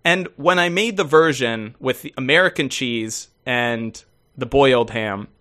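A man co-hosting a podcast in casual chat, rambling with many halting restarts. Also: medium pitch, sharp tone. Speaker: podcast co-host.

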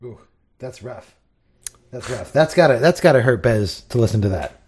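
A man's voice: medium pitch, moderate pace. A man co-hosting a casual podcast, easygoing and chatty with lots of fillers. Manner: easygoing, lively, filler-heavy. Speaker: podcast co-host.

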